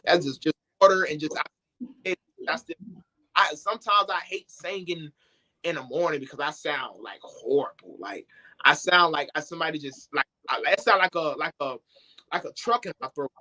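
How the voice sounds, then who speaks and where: High-voiced young man, slangy and animated. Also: normal speed. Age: young adult. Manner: loose, animated, slangy storytelling. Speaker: singer, interview guest. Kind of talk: casual interview talk.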